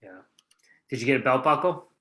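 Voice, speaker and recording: A man co-hosting a podcast, talking in a relaxed, reflective way. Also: mid-range voice, fairly quick. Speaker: podcast co-host. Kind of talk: casual interview chat.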